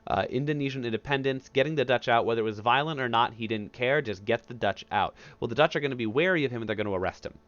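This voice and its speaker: A man's voice: medium pitch, fairly bright tone, no room sound, lo-fi sound. A male history teacher giving a casual, conversational recorded lecture over a headset mic. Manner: casual, conversational, acts out historical figures in quick asides.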